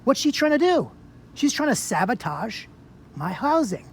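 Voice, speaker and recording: A man's voice: very high voice, very animated, moderate pace, vocal fry, a little hiss or hum. Confrontational man arguing on a sidewalk. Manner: confrontational, fires rhetorical questions, repeats himself. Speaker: vlogger confronting an officer. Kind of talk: heated sidewalk argument. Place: public sidewalk outdoors.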